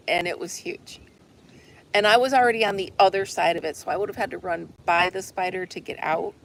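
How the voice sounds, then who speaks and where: Woman host, casual chatty livestream, gravelly voice, faint outdoor hush behind her. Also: medium pitch, slight background noise. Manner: chatty, rambling, laughs often. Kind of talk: casual chat with viewers. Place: outdoor deck with a swing.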